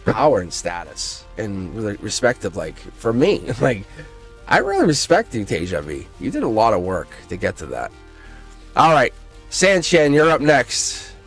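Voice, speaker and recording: A man hosting a casual live-stream tarot reading, excitable, laughing often and swearing freely. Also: medium pitch, breathy edge.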